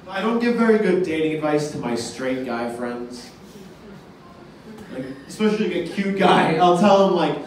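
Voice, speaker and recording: A young man doing a stand-up set, delivering deadpan one-liners with long pauses into a handheld mic on a comedy club stage. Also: fairly high pitch, distant mic. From Boston area. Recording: echoey club from afar.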